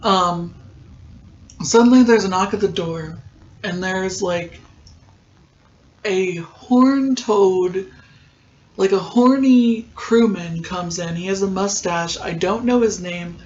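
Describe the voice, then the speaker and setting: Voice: medium pitch, slow pace, pauses often, darkish tone, a little hiss or hum. A podcast host giving a casual, rambling recap of a TV episode, full of ums and likes. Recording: dull lo-fi sound.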